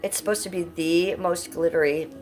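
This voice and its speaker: Middle-aged live streamer, woman, fairly low-pitched, frank and profane, home setup with faint music. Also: steady tone, moderate pace, a little mellow. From Cleveland, Ohio, USA. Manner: blunt, profane, chatty; reads out chat comments. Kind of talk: casual live-stream chat.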